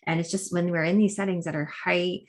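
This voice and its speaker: A woman's voice: fairly low pitch, fairly even intonation, a little fast, a little mellow. A woman hosting an interview, asking friendly, affirming questions. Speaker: host.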